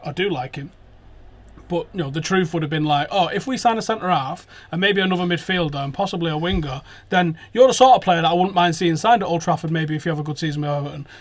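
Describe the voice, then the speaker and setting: A man hosting a football podcast, telling sweary, animated stories in casual chat from a sofa. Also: a little high, fast talker. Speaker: podcast host. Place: sofa indoors.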